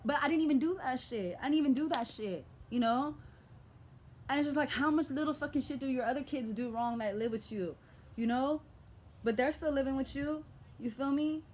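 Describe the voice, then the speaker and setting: A woman's voice: high voice, fairly quick, a little mellow, a little hiss or hum. Passionate, profane young woman venting. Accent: American urban vernacular. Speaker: vlogger. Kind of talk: emotional vlog rant.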